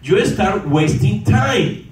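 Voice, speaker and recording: A man's voice: high-pitched, slow pace, soft background music. Far-off man addressing an echoey room. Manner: animated, asks the audience for answers, broken English. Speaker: motivational speaker at a sales meeting. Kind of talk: motivational talk to an audience.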